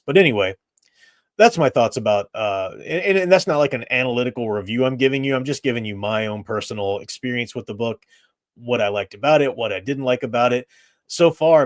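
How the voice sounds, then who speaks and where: A man's voice: mid-range voice, no echo, clean studio sound. A middle-aged man hosting a live stream, giving his blunt opinions in casual chat and laughing at his own remarks.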